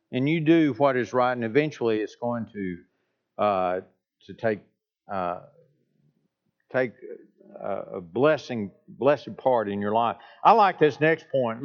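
A man preaching a sermon as pastor, speaking in a deliberate, emphatic way and repeating phrases to drive points home. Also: medium pitch, lo-fi sound.

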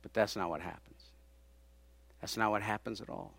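A man preaching a sermon, dramatically acting out the people he quotes, rising to loud peaks and dropping to hushed tones. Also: steady tone, moderate pace, creaky, slightly rough. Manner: dramatic, acts out quoted speakers with big swings in loudness; drops to hushed low tones for emphasis.

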